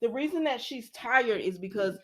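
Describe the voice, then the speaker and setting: A woman with a somewhat high voice talks at a moderate pace while recapping soap opera episodes for her viewers, whom she calls y'all. Talkative and lively, she keeps making asides and acts out quoted lines, laughing along.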